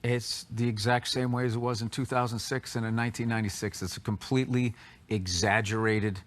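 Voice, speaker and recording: A man in an interview speaks in a medium pitch, bluntly brushing off the question. He talks casually and keeps stopping to restart his sentences. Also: flat delivery, brisk. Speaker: comedian interviewed.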